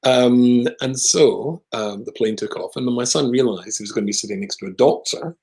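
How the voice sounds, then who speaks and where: A man with a British accent, a rabbi telling a long personal story in conversation, with lively asides. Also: mid-range voice, moderate pace, low-quality recording. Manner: animated anecdotal storyteller with asides.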